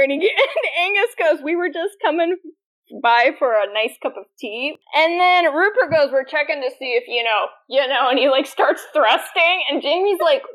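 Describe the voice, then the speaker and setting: A young woman co-hosts a casual podcast chat in a fairly high voice. She is animated and quick to laugh, and she acts out lines from the characters as she retells scenes. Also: low-quality recording. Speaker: podcast co-host.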